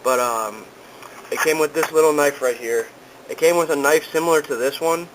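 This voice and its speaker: A man's voice: a little high, normal speed, a bit bright, slight background noise, low-quality recording. A young man casually talking to camera in a vlog, easygoing and rambling with lots of ums and uhs. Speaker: vlogger. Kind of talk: casual product talk to camera.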